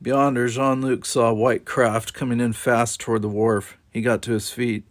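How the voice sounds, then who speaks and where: In a mid-range voice, a man reads a novel aloud as an audiobook narrator, keeping his delivery calm and even.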